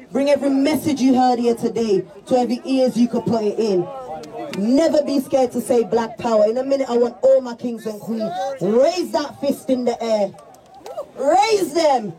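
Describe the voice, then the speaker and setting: Woman, rally speech, shouting, call-and-response chants, crowd noise. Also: fairly high pitch, poor audio. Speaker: rally speaker. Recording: crowd noise behind the speaker.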